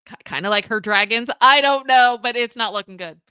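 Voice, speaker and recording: Young female streamer, bright tone, dry close sound, animated reactions while reading. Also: fairly high pitch, a little fast, clean tone, no room sound. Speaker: commentary livestream host. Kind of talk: live reaction commentary, reading texts aloud.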